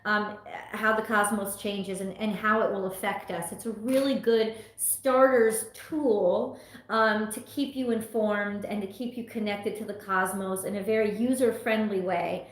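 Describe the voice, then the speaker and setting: A woman's voice: mid-range voice, steady tone, unhurried. A young woman, a tarot reader, talking casually from home on a livestream and venting her frustration with some swearing. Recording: echoey room.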